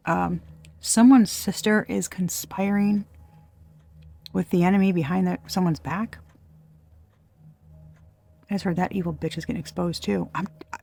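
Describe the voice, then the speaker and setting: A woman's voice: fairly low pitch, gravelly, mellow, slightly rough. A woman giving a casual, channeled tarot reading, blunt and profane, often breaking off mid-sentence and laughing. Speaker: tarot reader.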